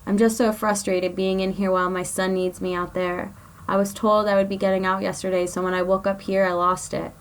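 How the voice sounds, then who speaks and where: A woman's voice: mid-range voice, little pitch movement, a little fast, clear, resonant tone, lightly acted, low-quality recording. Woman doing a desperate, pleading cellmate. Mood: apologetic. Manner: pleading, frustrated. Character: desperate young mother in a jail cell.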